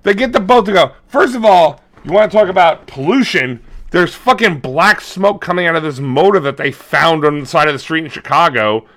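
A man's voice: moderate pace, few pauses. A man in his forties co-hosting a podcast, retelling a movie in crude casual chat, swearing constantly and acting out characters. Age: 40s. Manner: profane, animated, acts out characters in high squeaky voices. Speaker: podcast co-host.

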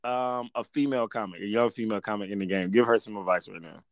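A man hosting a casual interview, animated and teasing, laughing often. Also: on the low side, fast talker, no room sound. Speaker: podcast host.

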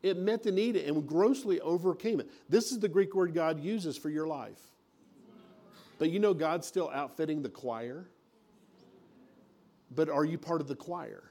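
Male pastor, slightly high voice, folksy sermon delivery. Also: a little slow, mellow. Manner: folksy preaching with acted-out mini scenes.

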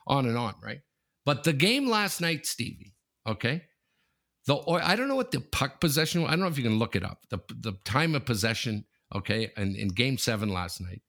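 A man co-hosting a casual sports podcast, talking in an animated, repetitive way, often tossing in "okay?" and swearing freely. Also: mid-range voice, normal speed, vocal fry. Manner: animated and repetitive, keeps saying "okay?" and the host's nickname. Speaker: podcast co-host.

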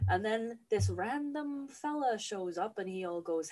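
A woman retelling a story in a comic, profane, animated way. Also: medium pitch, a little slow, hardly any pauses.

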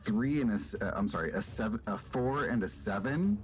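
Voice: medium pitch, animated, faint music behind. A player in a tabletop game, talking in an easygoing way and saying "like" often. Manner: slow, easygoing, says "like" a lot. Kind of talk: casual tabletop play.

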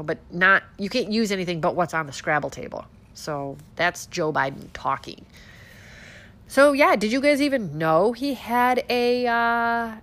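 A woman with a stuffed-up nose talks straight to her audience in a casual commentary show. Her delivery is sarcastic and animated, full of rhetorical questions and mock disbelief. Her pitch sits in a middle range. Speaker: political commentary host.

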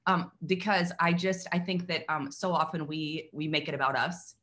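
A woman's voice: deep voice, moderate pace, a bit bright, slight background noise. A female co-host on a video call giving a heartfelt, earnest coaching talk, hesitant at times.

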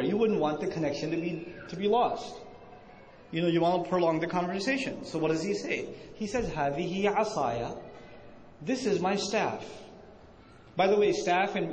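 A man with a high-pitched voice gives a religious lecture to a live audience. He keeps asking the room questions and answering them, and acts out quoted speech with rising emphasis. The recording is echoey, with faint background noise. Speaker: Islamic teacher.

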